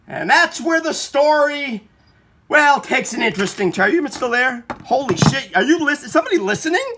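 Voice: high voice, expressive, brisk, bright, forceful tone, a little hiss or hum. A filmmaker narrating a documentary and questioning people on recorded calls, blunt and indignant, swearing freely.

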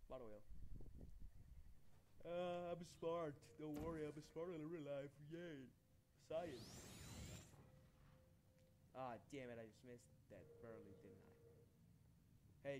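A man's voice: on the high side, a little mellow, slight background noise. A man from Colombia giving rambling, casual let's-play commentary, swearing and joking at himself. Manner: rambling, swearing, self-mocking. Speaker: gamer.

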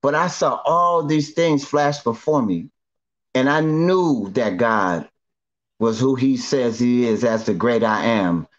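A middle-aged man from Northern California tells his testimony in a loose, slangy, repetitive way, circling back and restarting lines as he goes. His voice sits at an ordinary middle pitch. The recording sounds a little dull and lo-fi. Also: expressive, slow. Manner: repetitive, slangy storyteller who restarts often. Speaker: guest giving a testimony. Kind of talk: emotional first-person storytelling.

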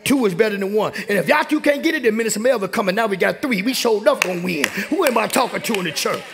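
High, gravelly-voiced preaching man. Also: expressive, fast, background noise. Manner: call-and-response preaching, rising to shouts. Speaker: pastor. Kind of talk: sermon. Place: church sanctuary.

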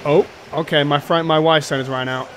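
A young man streaming a co-op game with friends, excitable and quick to yelp and laugh when things go wrong. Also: fairly high pitch, a little hiss or hum. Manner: excitable, yelps and laughs in panic. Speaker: gameplay streamer. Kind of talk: co-op gameplay commentary.

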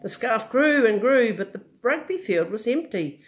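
An older woman reads a picture book aloud for her grandchildren. Her pitch moves in a lively, expressive way. She breaks off for gentle, amused asides. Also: normal speed. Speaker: storyteller.

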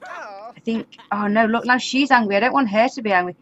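Over a life-sim game, a female YouTuber talks in a casual, chatty let's-play style, often laughing and exasperated. She speaks a little fast in a fairly high, somewhat bright voice, though the recording is muffled.

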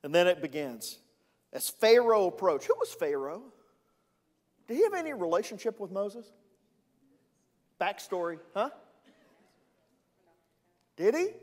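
A man's voice: high-pitched, very animated, measured pace, pauses often, a little mellow, big-room sound. A male executive pastor preaching a sermon in a playful, conversational way, with asides to the congregation.

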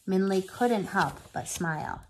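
A woman teacher reading a novel aloud to her students, expressive and animated. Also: medium pitch, measured pace.

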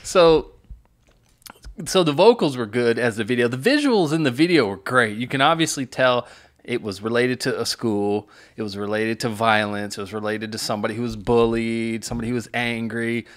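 A middle-aged man, a pastor, chats through a song's lyrics in an easygoing way at a middle pitch. He reads lines aloud, then unpacks them, often restarting with "uh" and "you know". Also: moderate pace. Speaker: pastor reacting to music. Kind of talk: casual reaction chat.

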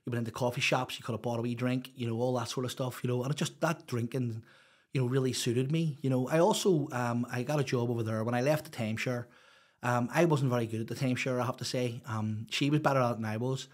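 A man's voice: medium pitch, steady tone, fast talker. A Northern Irish man, a podcast guest, telling his life story in a rambling, open way, full of "you know". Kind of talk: casual storytelling interview.

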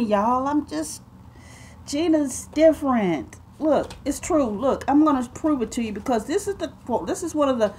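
A woman, telling a story to her viewers in a casual, emphatic way and calling them y'all and babe. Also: on the high side. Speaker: vlogger.

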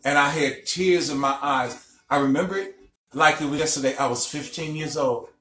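A man's voice: a little high, steady tone, normal speed, fairly bright tone. A middle-aged man from Illinois, a spiritual teacher giving a recorded lecture broadcast. He tells stories emphatically and keeps checking in with his listeners. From Illinois, USA. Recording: echoey room, faint music behind.

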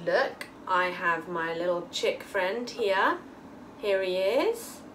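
A woman's voice: medium pitch, expressive, slow pace, fairly bright tone, slight background noise. A woman leading a toddler class, greeting the children and singing in a bubbly, playful, sing-song way.

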